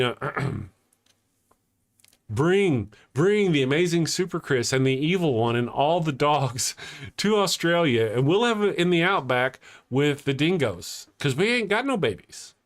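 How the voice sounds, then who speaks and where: Rambling, jokey live-stream host man. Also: a little high. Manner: rambling, jokey, laughs often, restarts mid-sentence. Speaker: host of a live atheist morning show. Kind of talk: casual live-stream chat reading viewer comments.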